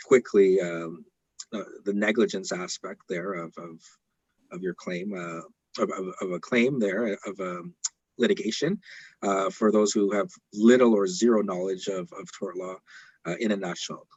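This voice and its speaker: A man hosting an interview and teaching law, talking casually in a halting way with repeated words. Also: deep voice, fairly even intonation, a little mellow, slightly rough, no room sound, highs cut off. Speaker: host, law professor.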